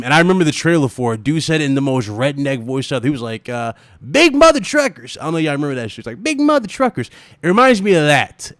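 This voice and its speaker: A man hosting a gaming livestream, ranting and laughing in animated, profane casual chat. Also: medium pitch, no echo, studio quality.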